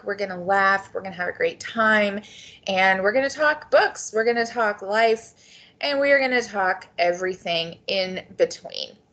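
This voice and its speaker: A woman's voice: mid-range voice, fairly bright tone. A woman hosting a book podcast, introducing the show and chatting with a guest in an enthusiastic, chatty way. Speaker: podcast host. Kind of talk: podcast intro and casual interview.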